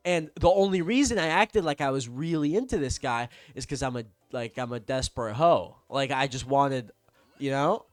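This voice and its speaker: A young man telling a profane, heated story in a vlog rant, swinging from low mutters to yelling. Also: moderate pace, no room sound. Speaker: vlogger. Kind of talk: ranting storytime.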